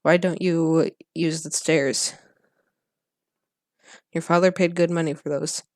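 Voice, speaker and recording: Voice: mid-range voice, slow, no room sound, studio quality. A reader voicing a fussy, scolding mother bee, reading her script lines aloud with almost no acting. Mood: flat. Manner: flat reading, barely acted.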